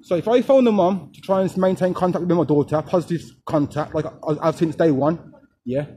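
Man, high voice, fast and needling, street vlog host confronting people. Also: mellow, a little hiss or hum. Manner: confrontational, taunting, rapid-fire questioning. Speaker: fathers' rights activist vlogger. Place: outdoors on a street.

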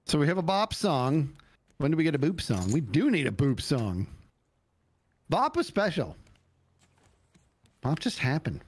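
A man's voice: on the high side, very animated, moderate pace, husky. A man in his forties playing a game with a friend, silly and playful, full of singsong sound effects. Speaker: guest co-player. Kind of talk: casual gaming chat.

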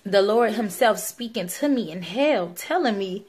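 A woman's voice: medium pitch, expressive, unhurried, darkish tone. Pleading young woman. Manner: pleading, earnest, many fillers. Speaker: vlogger sharing a religious testimony. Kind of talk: casual personal testimony.

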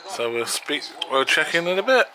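A man talking quietly and softly to a dog at home. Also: fairly high pitch, very animated, normal speed. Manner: quiet, soft-spoken, fussing over a dog. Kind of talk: casual home vlog. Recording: home video with background noise.

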